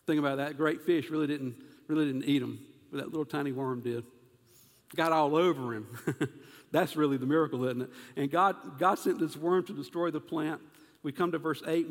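A man delivers an animated sermon from a church sanctuary, and his voice sits a touch above the usual male pitch. Now and then he turns to question the congregation directly. A long hall reverb trails each phrase. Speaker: pastor.

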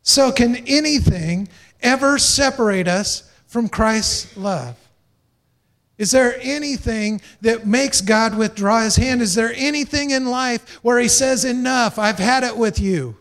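A man's voice: extremely high pitch, slow pace, a bit bright. A man preaching a sermon as pastor, emphatic, stressing points through repeated phrases and joking lightly with the congregation.

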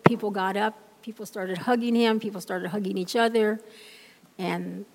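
A woman's voice: medium pitch, fairly even intonation, moderate pace. A woman giving a heartfelt church lesson on a handheld microphone, telling stories with emphatic repeated phrases. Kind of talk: heartfelt sermon-style storytelling. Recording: long hall reverb.

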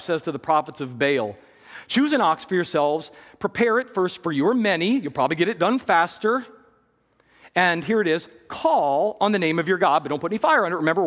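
A man pastor preaching a sermon, dropping to hushed low lines and rising into loud, raised bursts. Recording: long hall reverb.

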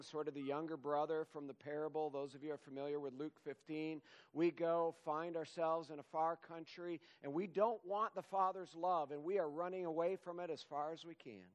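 A man preaching a sermon in a slow, earnest way, building to emphatic exhortation and closing in prayer. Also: a little high, highs cut off.

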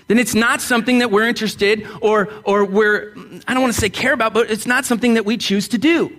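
A male pastor preaches in a church with a very high-pitched, slightly bright voice. He is blunt and conversational, jokes with the congregation, and asks them to answer aloud.

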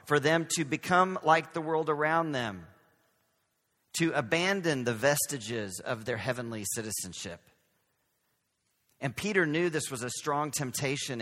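A man's voice: fairly high pitch, a bit bright, in a large hall. A man from Texas with a light Southern accent, preaching a conversational sermon as pastor, with self-deprecating humor. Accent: Southern American.

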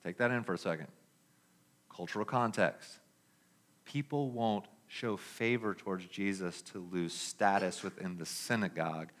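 A man preaching a sermon, reading scripture emphatically and then dropping into quiet, conversational asides. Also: deep voice, moderate pace. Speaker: pastor.

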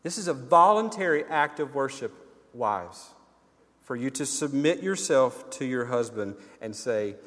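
A man's voice: mid-range voice, expressive, unhurried, fairly bright tone. A man preaching a sermon in an earnest way, often repeating and restarting his words. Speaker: pastor. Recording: long reverb in a large hall.

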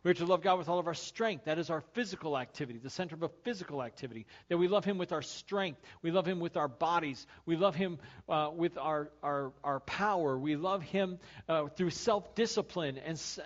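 Middle aged pastor guy telling a story in a sermon, kinda high voice, muffled lo-fi audio. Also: normal speed, hardly any pauses. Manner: animated storytelling, acting out his own road rage; turns quiet and earnest when making the point. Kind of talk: conversational sermon with personal stories. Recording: dull lo-fi sermon recording.

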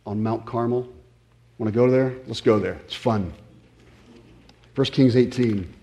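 A man's voice: medium pitch, creaky, mellow. A man preaching a sermon in a conversational way, often stopping and restarting, asking the listeners questions. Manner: conversational, halting with many restarts and fillers. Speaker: pastor.

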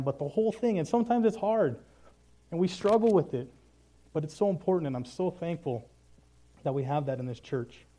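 Earnest male preacher, casual delivery, warm slightly high voice. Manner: casual and earnest, says "man" often. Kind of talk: sermon.

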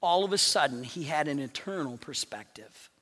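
A male pastor preaching a sermon, swinging from loud proclamations to hushed, near-whispered lines. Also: on the high side, animated, moderate pace, long reverb tail.

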